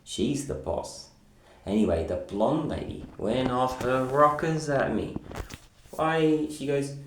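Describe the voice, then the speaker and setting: A man's voice: mid-range voice, expressive, moderate pace, reverberant. A young man telling a story in a casual vlog, rambling and swearing freely.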